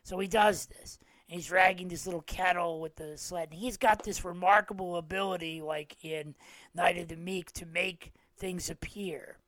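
Animated male podcast host retelling stories. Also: high-pitched, moderate pace, no echo. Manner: animated storyteller, acts out quoted lines, many fillers. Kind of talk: casual retelling of holiday specials.

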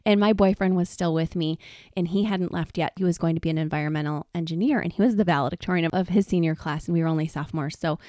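A woman in her forties, chatty and laughing often, telling personal stories in a relaxed podcast monologue. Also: fairly low pitch, quick pace, no echo, clean studio sound. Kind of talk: casual personal storytelling.

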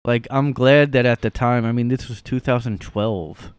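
A man's voice: mid-range voice, normal speed, clean tone, no room sound. A young man hosting a casual solo podcast from his room, rambling and sarcastic with lots of fillers. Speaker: podcast host.

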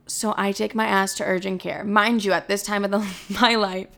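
A woman's voice: medium pitch, flat delivery, moderate pace, gravelly, a bit bright. A young woman in her twenties telling a storytime, dramatic and profane, saying 'like' constantly. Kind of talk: casual storytime monologue.

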